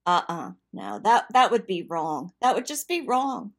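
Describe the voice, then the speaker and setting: An older woman chatting as co-host with her son, animated, giggly and emphatic. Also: medium pitch, a little slow. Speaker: co-host, the host's mother. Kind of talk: casual chat.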